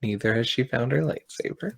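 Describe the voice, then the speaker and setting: A man's voice: medium pitch, creaky, dry recording. A man playing in a tabletop role-playing game, joking and laughing with his friends as he talks. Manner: laughing, joking, quick asides. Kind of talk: casual tabletop role-play chat.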